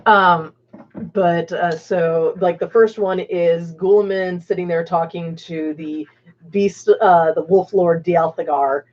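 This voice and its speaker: Woman, low voice, rambling casual stream chat, lots of fillers, dull lo-fi sound. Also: steady tone, slow, darkish tone. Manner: rambling, laughing, many fillers. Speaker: stream host.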